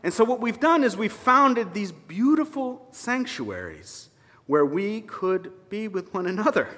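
Lively, high-voiced man preaching a sermon. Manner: conversational preaching with wry asides. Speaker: minister. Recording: reverberant hall sound.

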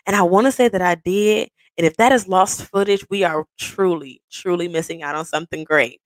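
Animated young woman telling a story. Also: a little fast, no echo. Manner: animated, laughing, swings into high excited bursts; casual, swears freely. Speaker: podcast host. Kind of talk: casual personal storytelling.

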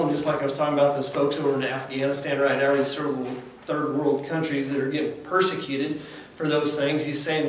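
A man's voice: a little high, steady tone, fast talker. A man giving a conversational devotional sermon as a lay preacher, earnest and plainspoken in a folksy way. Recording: very echoey room from far off, faint background noise.

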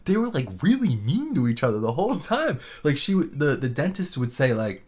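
A man's voice: on the high side, very animated, brisk, a little mellow, slightly rough. A man co-hosting a podcast, telling a story in casual, comedic chat. He laughs often and swears freely. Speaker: podcast co-host.

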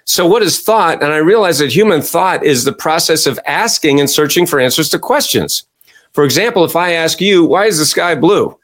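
A man being interviewed as an executive coach, explaining his ideas in an animated, storytelling way and often tagging his sentences with "right?" and "you know". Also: moderate pace. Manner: animated storyteller, acts out quoted audiences with a raised pitch.

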